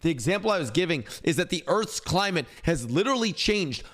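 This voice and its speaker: A young man streaming live, reacting to a video and ranting at his chat with heavy swearing, rising to near-shouting. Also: a little high, very animated, brisk.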